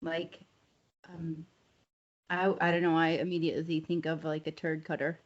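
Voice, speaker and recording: A woman's voice: low voice, little pitch movement, moderate pace. Dry, teasing woman co-host, lo-fi. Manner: dry, teasing, laughs often. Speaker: podcast co-host. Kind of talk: casual chat.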